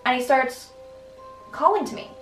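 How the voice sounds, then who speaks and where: In a casual, rambling style, a young woman vlogger tells her stories chattily, filling them with "like" and frequent restarts. Her voice is a little high and her pace normal. The mic sits at a distance in an echoey room, and faint music plays underneath.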